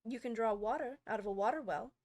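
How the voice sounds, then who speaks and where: Storybook figure: a woman reading as a rude, smug gentleman, snippy and quick to mock. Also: a little high, lightly acted. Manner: snippy and triumphant. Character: rude, quarrelsome grown man, the Hatter.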